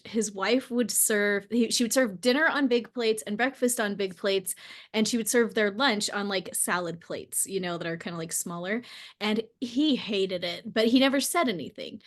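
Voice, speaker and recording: Chatty laughing woman, higher voice. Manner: chatty, laughs often, many fillers. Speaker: podcast host. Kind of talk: casual conversation.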